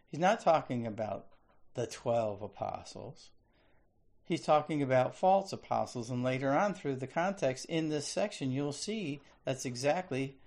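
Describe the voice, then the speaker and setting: Slow, deliberate male preacher. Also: mid-range voice, darkish tone. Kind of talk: sermon with scripture reading.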